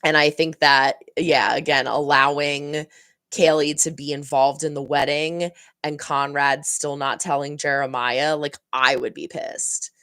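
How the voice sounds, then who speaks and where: A woman's voice: low voice, flat delivery, a little slow, fairly bright tone, no room sound, studio quality. A young woman hosting a reaction channel, chatting casually and rambling about a TV episode, laughing often and acting out heated lines.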